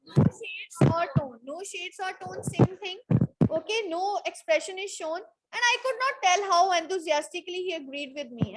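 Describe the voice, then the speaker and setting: A woman's voice: extremely high pitch, rough recording. A woman teacher giving a classroom lesson, reading from a text and explaining word meanings, repeating phrases and saying "okay" often.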